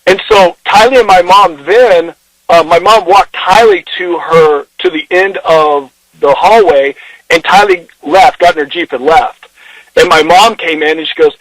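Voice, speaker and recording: A man's voice: a little high, a little slow, no echo. A man on a phone call telling a long story emotionally, rambling and acting out what people said. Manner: rambling, restarts, acts out quoted dialogue. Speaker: interview guest. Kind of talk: emotional first-person retelling.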